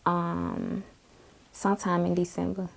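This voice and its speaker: A woman's voice: on the low side, level tone, slow, vocal fry. A young woman rapper in a casual interview, telling stories animatedly and laughing often.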